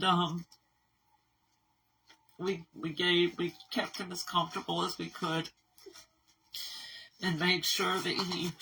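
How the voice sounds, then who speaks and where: A woman who runs an animal rescue, talking candidly in a casual vlog update, rambling and halting with fillers. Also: on the low side, creaky, bright, forceful tone, slight background noise. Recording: voice somewhat far from mic.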